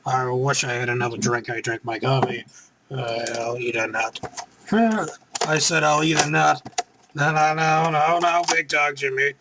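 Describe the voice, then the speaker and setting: Excitable rambling man reacting live. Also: mid-range voice, unhurried, noisy background. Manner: excitable, rambling, breaks into chants. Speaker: live reaction show host.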